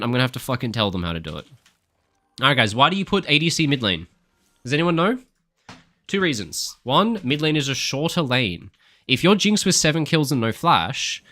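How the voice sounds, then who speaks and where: Young male streamer, bright and lively delivery, heated live commentary full of swearing and orders. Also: mid-range voice. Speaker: streamer and coach.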